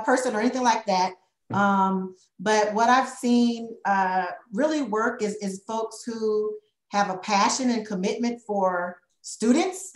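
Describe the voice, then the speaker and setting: A woman consultant answers board members' questions at a meeting, thinking aloud with fillers and "right?" tags. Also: a little high. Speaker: consultant presenting to a school board. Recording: echoey meeting room.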